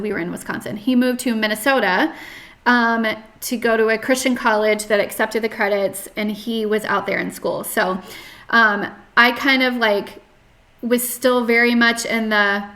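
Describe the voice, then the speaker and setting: Brief: young woman guest, rambly, restarting talk, slightly high voice. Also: bright, forceful tone. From North Carolina. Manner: chatty, many fillers and restarts, frequent "like". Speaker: podcast guest. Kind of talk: casual interview, personal story.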